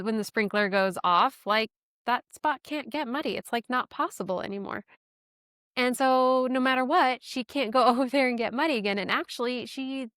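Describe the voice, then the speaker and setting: With a medium pitch and a fairly bright tone, this podcast host shares a personal anecdote in a chatty, self-deprecating manner, often breaking into laughter. The sound is dry and studio-clean.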